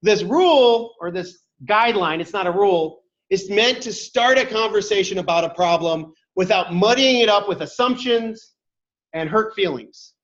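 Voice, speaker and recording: Pitched high and fairly bright, this workshop instructor talks at a normal speed with lively intonation, chatting conversationally with the class and taking their questions. The room echoes, and the lo-fi audio comes across dull.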